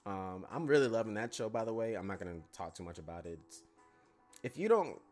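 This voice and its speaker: Man, young, very low voice, casual profane rambling, blunt opinions, faint background music. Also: sing-song, fairly quick, darkish tone. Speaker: anime reviewer.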